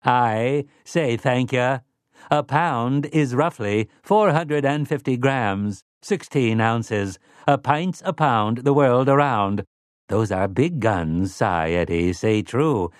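A smug robot servant, overly polite and stiffly formal, as a man reads him. His voice rides high above the narration and moves at a slow, deliberate crawl, with dry, close sound. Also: animated, dry recording. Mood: smug politeness. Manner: formal, stiff, courtly phrasing.

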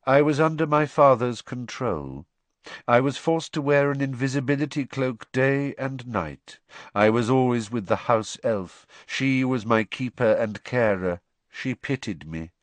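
A man voicing a dazed young man confessing in a flat, expressionless monotone. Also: mid-range voice, a little slow, no echo, voice pushed up, lightly acted. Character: young man under truth potion, dazed and hollow.

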